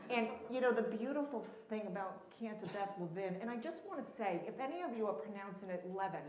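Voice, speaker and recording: A woman doing live character comedy as a therapist, flustered and effusive, rambling with many restarts, on a handheld mic in a temple event hall. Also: fairly high pitch. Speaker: comic performer playing a therapist at a live event. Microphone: handheld mic on stage. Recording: roomy hall, audience noise and laughter.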